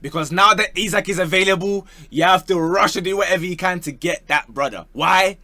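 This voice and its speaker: A young man talks football in a loose, comic way, full of slang and quick bits. His voice sits a little high and sounds bright and forceful. The sound is close and dry. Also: no room sound. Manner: playful and slangy, slipping into joke voices. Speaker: football YouTuber. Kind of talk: comedic football talk.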